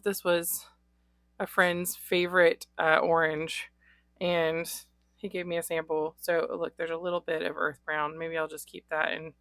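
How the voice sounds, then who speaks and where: Her lowish, fairly bright voice comes through with no room sound as she shows off her fountain pen inks in a chatty vlog. She's getting over a cold, and her talk is full of ums and little laughs.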